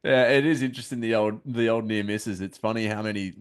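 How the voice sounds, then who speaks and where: A man's voice: fairly low pitch, fast talker, clear, resonant tone. A young man, a podcast host chatting easily and reacting with short exclamations. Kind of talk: casual interview chat.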